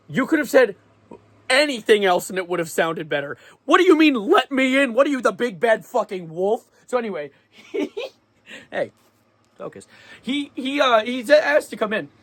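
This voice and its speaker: High-voiced young man telling a story. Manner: animated, laughing, sarcastic storyteller. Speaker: vlogger. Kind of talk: casual storytelling vlog.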